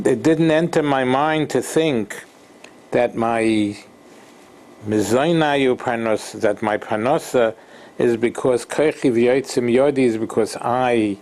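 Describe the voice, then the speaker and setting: A man teaching an informal Torah lesson, halting and repeating himself, mixing Hebrew terms into English. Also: medium pitch, darkish tone. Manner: slow, halting, repeats words and restarts.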